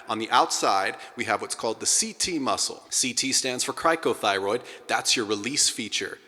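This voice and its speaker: A middle-aged man teaching a singing class, energetic and breaking into sung sounds to demonstrate. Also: mid-range voice. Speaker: vocal coach. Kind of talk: singing lesson to a group. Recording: hall with long reverb.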